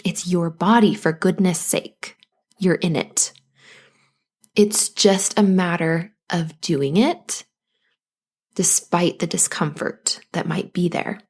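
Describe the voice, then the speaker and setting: A woman hosting a solo podcast as a postpartum coach, talking listeners gently through anxiety and now and then acting out their worried thoughts. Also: on the low side, steady tone, slow pace, husky. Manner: gentle, coaching, acts out anxious inner voices.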